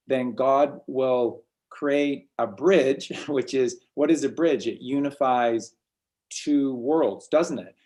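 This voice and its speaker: A man's voice: mid-range voice, darkish tone. Guy hosting a laid-back spiritual chat, kinda rambly, lots of restarts and "you know"s. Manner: rambling, repeats words and restarts often. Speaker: host. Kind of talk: casual spiritual talk.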